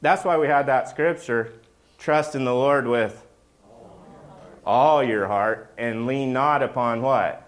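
A middle-aged man preaching a loose, conversational sermon. His pitch sits right in the middle for a man. He jokes and keeps asking the listeners "right?" as he goes. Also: slow. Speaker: pastor. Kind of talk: casual sermon.

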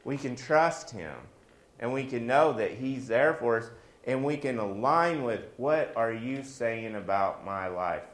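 A man's voice: medium pitch, lively intonation, unhurried, roomy sound. A man preaching a sermon in a folksy, joking way, weaving personal stories into his message.

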